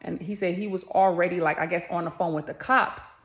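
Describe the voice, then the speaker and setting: A woman's voice: fairly low pitch, fairly even intonation, a little fast. A woman, chatting casually to camera and telling a story, addressing viewers as y'all and acting out the voices in it.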